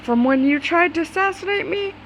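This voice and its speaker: A woman's voice: very high-pitched, lively intonation, brisk, fairly bright tone, dull audio, a little hiss or hum, voice pushed up. A woman reading aloud the lines of a cheerful, commanding young male prince in a fan story, in her own voice. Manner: read-aloud, plain.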